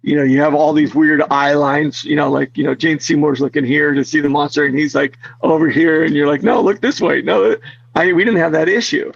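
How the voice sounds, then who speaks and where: A man's voice: a little high, steady tone, brisk, vocal fry, few pauses, no room sound. A man being interviewed as a guest, telling restless, rambling stories in casual chat with lots of fillers. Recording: dull, lo-fi, dry sound.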